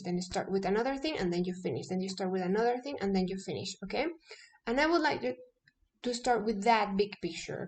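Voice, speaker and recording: A woman teaching a casual English lesson, who stresses key words, tags her points with a quick "okay?", and restarts now and then. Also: mid-range voice.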